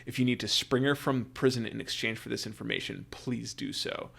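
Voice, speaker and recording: A man voicing a middle-aged male dwarf noble who makes an earnest, hushed proposition in a tabletop game. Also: mid-range voice, brisk, gravelly, slightly rough, full character voice.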